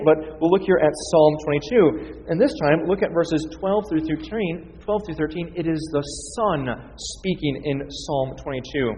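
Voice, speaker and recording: A man's voice: on the high side, warm tone. A man preaching a teaching sermon, reading scripture aloud with emphasis. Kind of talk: expository sermon. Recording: dull, reverberant hall sound.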